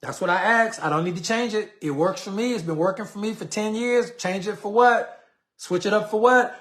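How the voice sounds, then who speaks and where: Man, fairly high voice, casual slang, live training talk, plays out sample messages. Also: normal speed, fairly bright tone. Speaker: network marketing trainer. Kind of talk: live teaching session.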